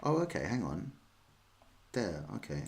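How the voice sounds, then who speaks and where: English male streamer, lower voice, sing-song delivery, rambling chat with viewers. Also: big pitch swings, measured pace. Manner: chatty, rambling, self-deprecating. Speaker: chess streamer. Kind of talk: casual livestream chat answering viewers.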